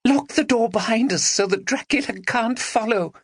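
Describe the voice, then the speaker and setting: A man voicing an excitable young woman at a goth festival in an audiobook, high-strung and breathless. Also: normal speed, no room sound, clean studio sound. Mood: giggly.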